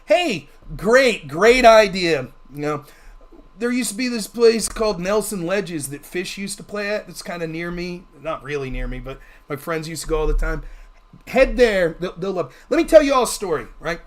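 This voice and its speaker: A man's voice: high-pitched, lively intonation, moderate pace. A man hosting a livestream and telling a long, rambling story in a casual, profane way. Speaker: livestream host.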